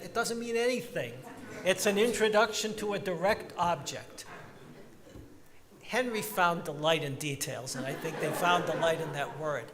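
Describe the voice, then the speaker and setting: A man's voice: on the high side, a bit bright. Man speaking in a reverberant synagogue. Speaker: congregation member giving a reflection. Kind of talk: sermon-like reflection. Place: large synagogue sanctuary.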